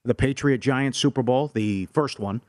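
A man's voice: medium pitch, moderate pace, darkish tone, no room sound, studio quality. A man in his forties co-hosting a sports betting show, chatting and chiming in with memories. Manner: chatty, jumps in with memories and reactions. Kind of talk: casual radio chat.

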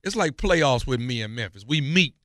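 A man's voice: mid-range voice, animated, moderate pace, fairly bright tone, dry recording, studio quality. A man chatting and joking on a radio show. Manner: joking, drawling. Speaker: radio comedian.

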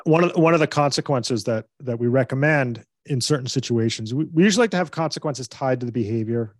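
A man, a parenting coach, giving advice as a guest in a relaxed interview, explaining in earnest with quick bursts. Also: medium pitch, dry recording, studio quality. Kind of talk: conversational interview.

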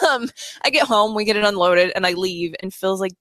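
A woman's voice: mid-range voice, animated, brisk, fairly bright tone, no echo. A woman co-hosting a podcast in casual chat, blunt and emphatic, swearing often, recorded indoors at a house. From Nebraska, USA. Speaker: podcast co-host.

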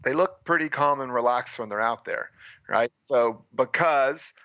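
A man from the United States telling a story as a guest in a casual interview, animated and peppering his talk with "right?" and "you know". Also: mid-range voice, unhurried, no room sound, lo-fi sound. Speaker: guest, freediving and spearfishing instructor.

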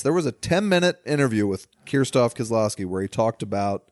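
A man's voice: mid-range voice, brisk, no room sound. A man co-hosting a podcast, chatting casually and animatedly about movies and swearing freely. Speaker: podcast co-host.

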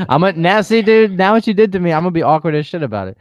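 A man's voice: high-pitched, very animated, fairly quick, no room sound. A young man co-hosting a casual chat, laid-back and self-mocking, laughing a lot.

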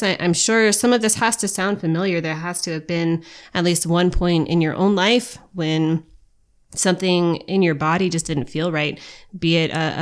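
A woman with a lowish, smooth and resonant voice hosts a reflective podcast. She speaks earnestly to her listeners and encourages them gently, like a coach. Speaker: podcast co-host, wellness coach.

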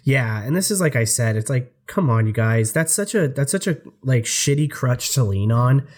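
A man's voice: medium pitch, expressive, normal speed. A man co-hosting a podcast, swearing freely and exasperated, laughing often as he talks about a movie. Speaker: podcast co-host. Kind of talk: casual movie discussion.

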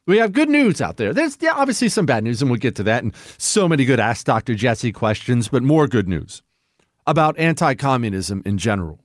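A man's voice: medium pitch, very animated, a little fast, no echo, clean studio sound. A man hosting a political talk radio show, delivering a fiery, emphatic monologue that shifts into mocking put-on voices.

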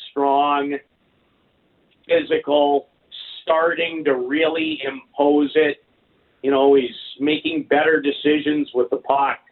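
Slow-spoken man on a tinny phone line. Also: a little high. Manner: measured, thoughtful, with small fillers and restarts. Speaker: hockey color commentator and team insider. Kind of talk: sports radio phone-in analysis.

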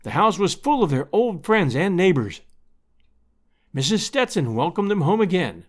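A man's voice: high voice, very animated, normal speed. A man reading an old-fashioned story aloud as narrator. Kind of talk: audiobook narration.

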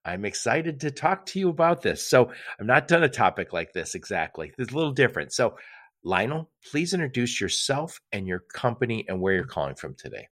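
A middle-aged man hosting a podcast interview, chatty and quick to laugh as he asks questions. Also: mid-range voice, big pitch swings, a bit bright. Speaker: podcast host.

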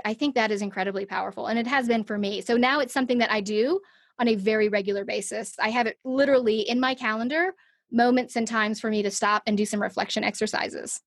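A woman's voice: a little high, no room sound, studio quality. A middle-aged woman, a podcast guest, telling a personal story in a conversational interview and acting out her own thoughts.

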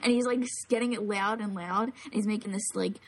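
Husky, gravelly young woman telling stories. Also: mid-range voice, fairly quick, rough recording. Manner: animated storyteller with lots of "like" fillers. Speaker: podcast co-host. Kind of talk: casual chat, storytelling.

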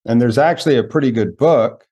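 Animated man telling stories, husky voice. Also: medium pitch. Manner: animated storyteller, slows down for emphasis. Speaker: podcast host. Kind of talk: conversational interview.

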